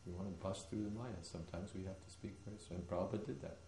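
Deep, dark-voiced man giving a lecture. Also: fairly even intonation, very fast, a little hiss or hum. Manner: emphatic storyteller, hesitant fillers. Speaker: spiritual teacher. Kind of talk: devotional lecture. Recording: roomy echoing hall.

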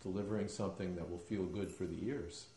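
A man with a deep, mellow voice gives a devotional lecture. He tells stories emphatically, pausing on fillers now and then. His voice echoes through a roomy hall. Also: steady tone, slight background noise. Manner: emphatic storyteller, hesitant fillers. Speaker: spiritual teacher.

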